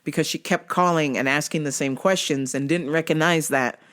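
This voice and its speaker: A woman's voice: low voice, normal speed, a bit bright. A woman host telling work stories casually, profane and often laughing. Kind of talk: casual comedic storytelling.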